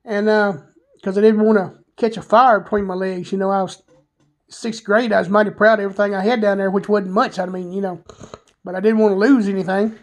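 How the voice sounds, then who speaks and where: A man's voice: high-pitched, level tone, a little fast. A man with a Southern US accent candidly telling rambling, self-deprecating stories about his past, full of filler words. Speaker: vlogger. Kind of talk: personal storytelling monologue.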